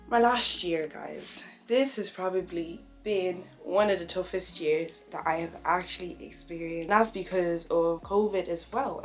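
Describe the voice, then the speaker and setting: A young woman, talking openly and reflectively in a personal vlog. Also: on the low side. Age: young adult. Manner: open, conversational, reflective. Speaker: vlogger.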